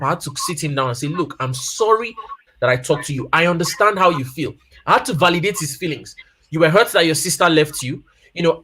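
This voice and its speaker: This guest speaker on family life is a man in his thirties or forties with a fairly high, somewhat bright voice. His talk is casual, built around personal anecdotes, and he circles back to important points to stress them.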